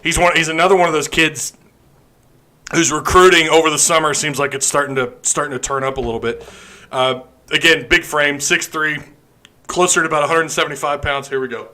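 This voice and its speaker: A man's voice: fairly high pitch, steady tone, a little fast, pushed and bright. A man hosting a podcast live stream, chatting loosely and joking while drinking beer. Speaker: podcast host. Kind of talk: casual live stream chat.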